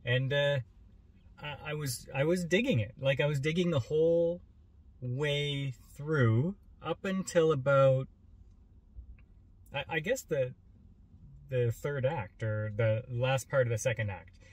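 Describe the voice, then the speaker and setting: Laid-back male co-host, halting speech. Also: mid-range voice, dry recording. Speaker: movie review co-host. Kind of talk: casual movie review chat.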